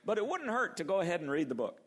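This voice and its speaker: An older man preaching a sermon, lively and acting out the quoted voices as he goes. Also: high voice, fast talker. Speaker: pastor.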